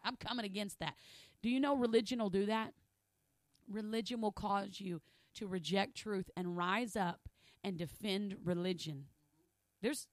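A woman's voice: medium pitch, no room sound. A woman preaching a sermon in a conversational, emphatic way, often checking in with her listeners.

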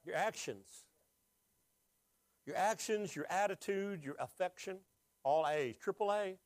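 Man, pastor, sermon, call-and-response questions, higher-pitched voice, dry close sound. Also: unhurried, dry recording. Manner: emotional, voice rising when moved.

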